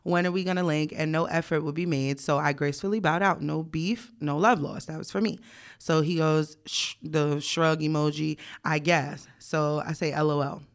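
A woman's voice: deep voice, steady tone, moderate pace. A young woman co-hosting a podcast, telling a story bluntly and candidly, often laughing. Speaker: podcast co-host. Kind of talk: casual podcast chat.

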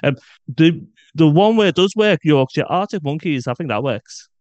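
Man, British, music podcast co-host, blunt, swears, smooth voice, dry sound. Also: fairly high pitch, animated, moderate pace, darkish tone, dry recording, dull audio. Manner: blunt, swears freely, opinionated. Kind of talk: casual chat.

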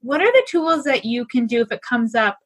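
A woman's voice: on the high side, big pitch swings, brisk, husky. A woman podcast host asking curious, conversational questions. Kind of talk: podcast interview.

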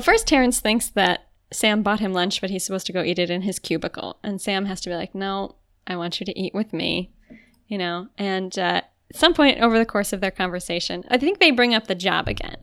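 A woman's voice: mid-range voice, brisk, hardly any pauses, fairly bright tone, clean tone. Chatty woman recapping a show. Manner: chatty, frequent "like", acts out quotes. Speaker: podcast co-host. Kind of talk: casual recap chat.

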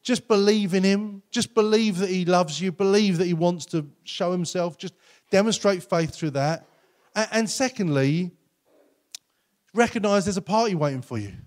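A man preaching a sermon as pastor, earnest and conversational, often acting out quotes in lively voices. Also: sits high, normal speed.

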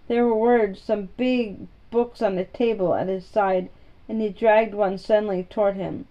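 A woman narrating a children's storybook aloud in a calm, steady manner. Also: medium pitch, moderate pace, lo-fi sound.

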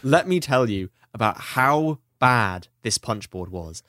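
A man co-hosting a podcast, telling stories quickly and with animation. His voice is recorded dry and close. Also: mid-range voice, lively intonation, a bit bright, no room sound. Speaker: podcast co-host. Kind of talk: casual podcast chat.

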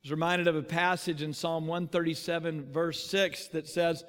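Male preacher, animated storyteller, highish voice, long hall reverb. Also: moderate pace, hardly any pauses. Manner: animated storytelling, acting out quotes. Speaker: pastor. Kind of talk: sermon.

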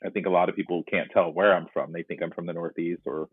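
A man's voice: low-pitched, steady tone, fast, husky, dry recording. Man telling his story over a tinny line. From North Carolina. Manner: earnest, reflective, frequent restarts. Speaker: interview guest. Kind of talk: personal storytelling in conversation. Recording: dry tinny phone-like line.

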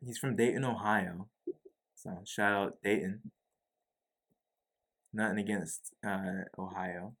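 A young man with a lowish voice, co-hosting a podcast. He talks in a laid-back way and cracks jokes, tossing in "bro" all the time. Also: steady tone, takes it slowly, pauses often, a bit bright, husky. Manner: laid-back, joking, says "bro" often. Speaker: podcast co-host. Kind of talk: casual chat.

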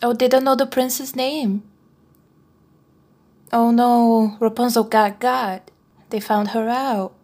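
A woman's voice: on the high side, little pitch movement, slow pace, long pauses, darkish tone. A woman chattily narrating the plot of a film as she watches it. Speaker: co-host film reviewer. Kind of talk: casual commentary while watching a film.

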